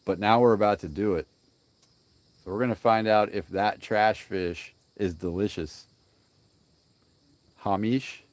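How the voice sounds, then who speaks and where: A man's voice: on the low side, moderate pace, dry recording. A young man hosting a casual live stream while grilling outdoors, rambling along and greeting viewers by name. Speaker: livestream cooking host.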